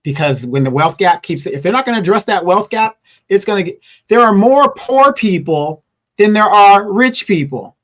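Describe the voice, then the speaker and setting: A man with a notably high voice talks politics on a live stream. He argues hard, firing off rhetorical questions one after another. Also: expressive, normal speed. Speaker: co-host. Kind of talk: political commentary.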